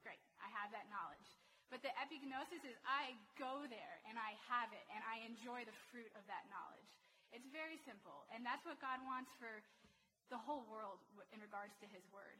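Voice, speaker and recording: A woman with a higher-pitched voice speaks at a moderate pace as she preaches to a church hall congregation. Her sermon is lively and conversational, full of questions for the listeners, though the audio quality is poor.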